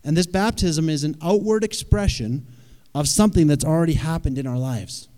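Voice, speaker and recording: Guy giving a sermon, talks to the crowd like a chat, kinda high voice, long echo from the hall. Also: normal speed, warm tone. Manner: conversational, asks the audience questions. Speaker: preacher.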